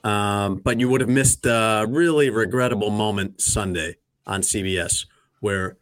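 In a dry recording, a man with a fairly low, slightly bright voice speaks unhurriedly. Hosting a sports radio show, this thirty- or forty-something recaps the news in a dry, conversational style with plenty of fillers.

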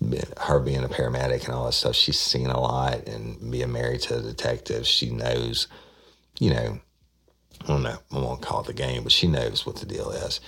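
Gravelly deep-voiced man telling a story. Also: level tone, moderate pace, sharp tone. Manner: retells dialogue, acting out quoted voices. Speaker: detective recounting a case. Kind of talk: casual storytelling.

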